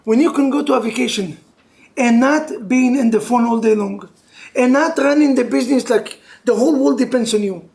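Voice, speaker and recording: A rabbi gives a lively, joking religious class to couples, mixing Hebrew terms into non-native English. He swings between loud outbursts and hushed intensity, with a very high voice at normal speed and some vocal fry.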